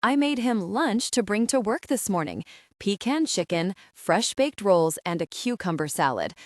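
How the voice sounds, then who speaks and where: Audiobook: narrator putting on a trilling Georgia-twang sister-in-law, lively, higher than her own voice. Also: normal speed, no room sound, clean studio sound, close to an everyday voice. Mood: aggrieved. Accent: Southern US, Georgia twang. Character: bubbly Southern sister-in-law, woman, dramatic.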